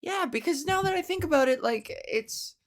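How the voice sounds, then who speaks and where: A woman's voice: high voice, lively intonation, normal speed. A woman comedian hosting a solo podcast, talking in a blunt, profane, riffing way. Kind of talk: casual solo podcast monologue.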